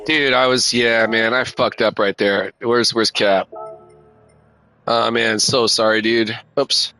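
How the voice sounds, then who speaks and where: A man's voice: medium pitch, steady tone, slow pace, pushed and bright, faint music behind, poor audio. A man streaming a racing game, talking in a laid-back, slangy and profane way and calling everyone dude and man. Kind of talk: casual live-stream chat.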